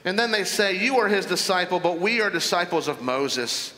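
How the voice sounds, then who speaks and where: Man, pastor, sermon, high voice, bright tone, expository preaching. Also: normal speed, in a large hall, low-quality recording. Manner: expository preaching, reading scripture aloud with emphatic commentary.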